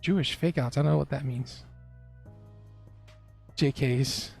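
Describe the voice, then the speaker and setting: A man's voice: mid-range voice, steady tone, unhurried, gravelly, a little mellow, slightly rough, soft background music. A young man who trades live on a stream, chatting casually with his chat and laughing often.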